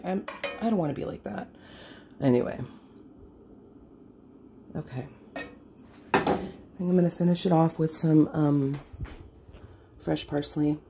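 Low raspy-fry lady cooking at home, cussing nonstop, bit wheezy, faint hiss behind. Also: dark tone. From California. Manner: swears constantly, rambling and self-mocking. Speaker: home cook vlogger. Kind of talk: casual cooking vlog. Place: home kitchen.

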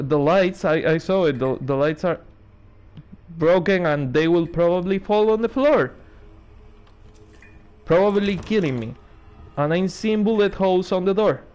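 A man's voice: high voice, a little mellow, clean tone. A man giving sarcastic, nervous commentary while playing a horror game, swearing and laughing when scared. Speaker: gaming streamer. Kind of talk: let's play commentary.

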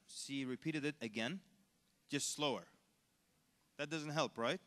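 A man preaching at a convention, telling funny stories and putting on quick mock voices. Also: a little high. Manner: animated storyteller, jokes and mock voices, laughs. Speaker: Islamic preacher. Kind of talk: lively convention talk with acted quotes. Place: large convention hall. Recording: long hall reverb.

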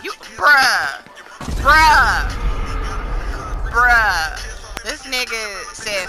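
A young woman talks over a shooter game, her voice high and her delivery slow. She teases other players loudly and breaks into laughs. Music and gunfire run clearly under her commentary. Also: lively intonation. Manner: loud, playful trash talk with bursts of laughter. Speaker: gaming streamer. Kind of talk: casual live-stream commentary.

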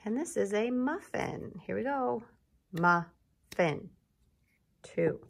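A woman teacher giving a slow, encouraging recorded lesson to young children, prompting them to repeat words. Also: fairly high pitch, expressive, vocal fry, dark tone, husky.

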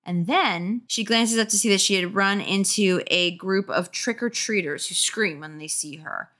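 A woman's voice: medium pitch, moderate pace, sharp tone. A woman with a sore throat reading a children's horror book aloud, breaking in with sarcastic, mocking asides. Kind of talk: comedic book reading with commentary.

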